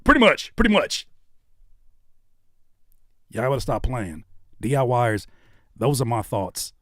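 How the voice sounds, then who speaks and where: A man hosting a casual live stream, talking in an animated way that swings between loud outbursts and low muttering. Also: no room sound, studio quality. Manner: animated, quick shifts between shouting and muttering. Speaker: host of a live stream channel.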